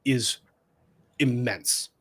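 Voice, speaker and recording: A man's voice: medium pitch, extremely slow, fairly bright tone. A man, an attorney co-hosting a casual chat, earnestly recalling moments with judges and repeating phrases for emphasis. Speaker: attorney, podcast co-host.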